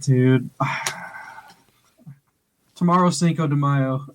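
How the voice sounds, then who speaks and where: A man co-hosting a podcast, telling a story in casual chat, animated and loud, laughing often and acting out the voices of others. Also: mid-range voice, takes it slowly. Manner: loud and excitable. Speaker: podcast co-host.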